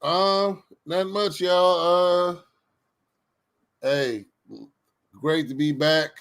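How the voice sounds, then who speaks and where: A man's voice: high voice, steady tone, drawn-out words, a bit bright, clean tone. A man co-hosting a casual sports podcast, joking and laughing often. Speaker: co-host.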